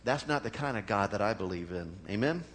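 A middle-aged man preaches a sermon as pastor, earnest and conversational yet animated and brisk. He swings between raised, emphatic peaks and low, quiet asides, often checking in with the congregation.

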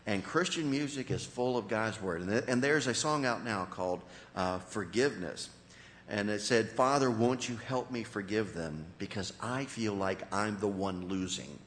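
A man preaching a sermon as pastor, in an animated way with sudden rises and drops in his voice. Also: on the low side, moderate pace, long reverb tail, a little hiss or hum.

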